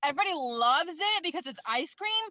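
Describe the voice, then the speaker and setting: A woman's voice: sits high, animated, brisk, bright, forceful tone, no echo, lo-fi sound. A woman in a casual book club chat, ranting with heavy profanity.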